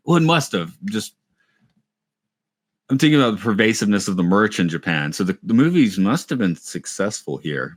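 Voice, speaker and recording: A man's voice: lowish voice, no room sound, studio quality. A man in a casual podcast chat who rambles, restarts his thoughts and thinks aloud. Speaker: podcast co-host. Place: lives in Japan.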